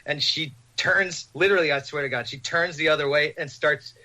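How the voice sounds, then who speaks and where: A man on a podcast, telling a rambling, animated story with laughs. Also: on the high side, brisk. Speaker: podcast host. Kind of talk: casual storytelling.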